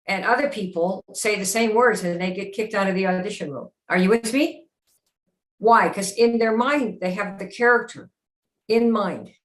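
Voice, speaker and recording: A woman hosting a live sales-coaching stream, talking emphatically, firing rhetorical questions and slipping into dramatic acted voices. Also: mid-range voice. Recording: roomy echo.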